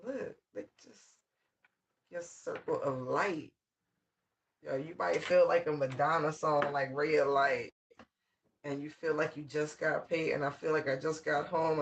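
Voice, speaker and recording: Male tarot reader, fairly high voice, rambling slangy delivery, light hiss and clicks. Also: steady tone, measured pace, creaky, dull audio. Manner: loose, slangy, rambling talk with many fillers. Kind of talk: casual channeled tarot reading.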